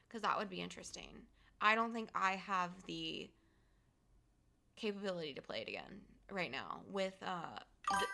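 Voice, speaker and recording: A woman's voice: mid-range voice, gravelly, sharp tone. A young woman streamer chatting casually to her viewers, rambling with lots of fillers and giggles, emotional after finishing a game. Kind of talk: casual live-stream chat.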